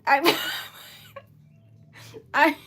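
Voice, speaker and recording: A woman's voice: extremely slow, bright, forceful tone. A young woman running a casual livestream for her small business, flustered and giggly as she thanks viewers.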